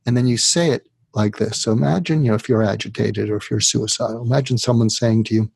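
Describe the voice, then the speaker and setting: A man's voice: fairly low pitch, fast, gravelly, few pauses, a little mellow, breathy edge, no echo. A man, a psychiatrist, being interviewed, who explains his method step by step and now and then acts out what a troubled patient might say. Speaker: psychiatrist guest.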